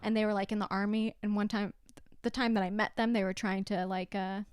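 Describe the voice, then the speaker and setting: A woman's voice: medium pitch, flat delivery, fairly quick, smooth, no echo, studio quality. A woman guest on a casual podcast, telling personal stories with frequent giggles and filler words.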